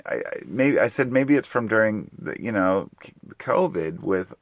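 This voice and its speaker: A middle-aged man casually retelling a personal story in a rambling, animated way, acting out the quotes. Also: fairly low pitch, moderate pace, gravelly, no echo, narrow, tinny audio. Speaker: vlogger telling a personal story.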